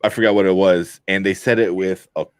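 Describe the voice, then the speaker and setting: A man co-hosting a podcast, chatting about a movie in a rambling, animated way with lots of fillers. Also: low voice, a little fast, clean tone, dry recording, clean studio sound. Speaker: podcast co-host. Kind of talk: casual movie review chat.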